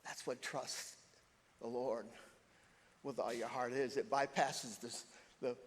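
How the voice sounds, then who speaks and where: Older man preaching in a reverberant church. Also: medium pitch. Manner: animated storytelling, voice jumping up for emphasis. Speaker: pastor. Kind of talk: sermon. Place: church sanctuary. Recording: long hall reverb.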